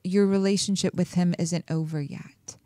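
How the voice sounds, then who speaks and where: Woman radio host, measured and gentle, dry close studio mic. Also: fairly low pitch, steady tone, no room sound. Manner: slow, soothing, halting with fillers. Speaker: radio show host and intuitive reader. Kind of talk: on-air caller reading.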